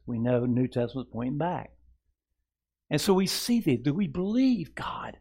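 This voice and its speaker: A man preaching a sermon to a congregation, earnest, asking rhetorical questions and dropping soft for tender asides. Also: medium pitch, very animated, normal speed, vocal fry, slightly rough. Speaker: pastor. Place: church sanctuary before a congregation.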